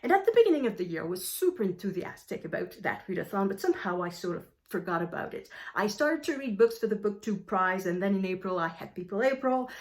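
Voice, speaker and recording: A woman with a French accent chatting casually about her reading plans, a little out of breath, often correcting herself and filling pauses with ums. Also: medium pitch. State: slightly out of breath. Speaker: book vlogger. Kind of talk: casual book chat to camera.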